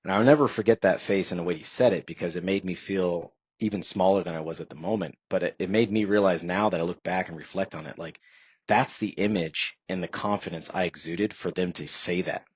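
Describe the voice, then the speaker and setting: Brief: man in his thirties, podcast guest, very low and husky, earnest storyteller, dry, slightly dull audio. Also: brisk, dry recording. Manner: earnest, reflective, filler-heavy storytelling. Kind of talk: personal storytelling in a podcast interview.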